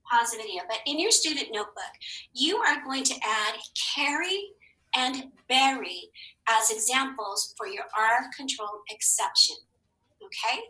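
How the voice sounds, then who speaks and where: A woman teacher giving a recorded phonics lesson for children, encouraging and spelling words slowly letter by letter. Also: high-pitched, sharp tone, low-quality recording.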